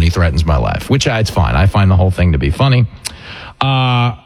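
A man's voice: lowish voice, sing-song, a little fast. A man hosting a radio talk show, chatting casually and telling stories with self-deprecating jokes. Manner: self-deprecating, jokey storyteller.

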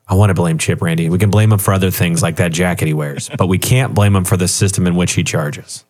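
Man, very low voice, radio guest expert, animated, joking. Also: fast talker. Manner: animated and joking, acts out quoted people. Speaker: guest author and retirement expert. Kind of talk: radio talk show conversation.

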